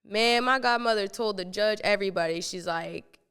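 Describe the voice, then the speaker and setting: A young woman hosting a podcast and telling a story casually, animated, swearing freely and acting out what she said back then. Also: mid-range voice, normal speed, smooth, long reverb tail. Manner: animated, swears freely, acts out her own quotes. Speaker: podcast host.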